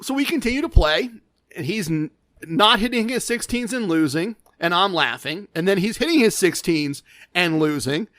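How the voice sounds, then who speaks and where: Animated, high-voiced male podcast host. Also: dry recording. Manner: animated, self-deprecating, with restarts. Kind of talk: casual storytelling.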